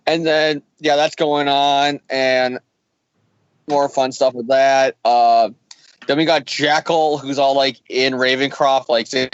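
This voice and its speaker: A man recapping a comic in a loose, joking way, laughing as he talks. His voice sits a little above the usual pitch for a man. The recording is muffled and dry, with no room sound. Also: normal speed, no echo. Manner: joking, laughs through the recap, mimics characters. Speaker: comic review podcast co-host.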